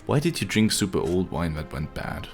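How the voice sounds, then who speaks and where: A man's voice: low-pitched, very animated, normal speed, faint music behind. A young man live-streaming a game, chatting casually with viewers, joking, swearing and laughing often.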